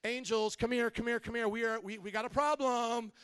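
A man's voice: very high voice, steady tone, a little fast, fairly bright tone, smooth. A man voicing a fussy, flustered man in heaven who panics over problems, in a camp, fluttery voice. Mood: panicky.

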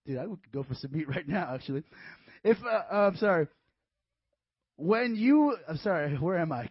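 Animated man preaching a casual sermon. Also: on the high side, normal speed, long pauses, breathy edge, dry recording, lo-fi sound. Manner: animated, acts out voices, jokey asides. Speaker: youth pastor.

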